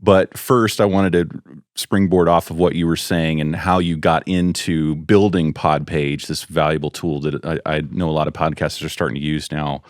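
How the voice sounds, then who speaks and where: A man with a very low voice hosting a podcast interview. The recording is dry and close, and he chats casually, chiming in with quick agreement. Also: fairly even intonation, dry recording. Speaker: podcast host.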